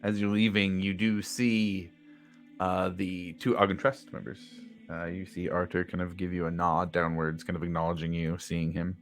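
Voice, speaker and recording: A man's voice: low-pitched, level tone, normal speed, faint music behind. A man narrating a tabletop game as the game master, in a laid-back way with fillers.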